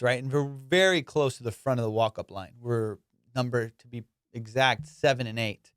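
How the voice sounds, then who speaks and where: Profane, animated male comedian telling a story. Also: medium pitch, normal speed, clean tone, no echo, clean studio sound. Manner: profane, animated, acts out voices. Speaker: comedian podcast host. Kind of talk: casual storytelling.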